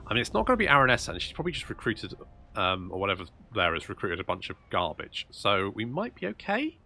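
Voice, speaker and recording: A man's voice: on the low side, huge pitch swings, fast, creaky, pushed and bright, a little hiss or hum. A man commentating his own strategy game play, thinking aloud and muttering asides as he goes. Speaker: gameplay commentator.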